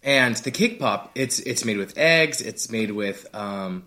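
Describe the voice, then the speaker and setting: Lively, animated man telling a story. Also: fairly low pitch, unhurried. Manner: animated storytelling, acts out quoted people. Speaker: podcast co-host. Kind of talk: casual chat.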